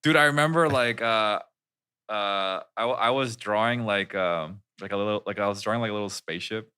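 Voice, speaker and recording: A man's voice: on the low side, fairly quick, pushed and bright, clean tone. A young man chatting casually with friends, rambling through stories with lots of fillers. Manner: rambling storyteller, many fillers, bursts into silly put-on voices. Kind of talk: casual chat among friends.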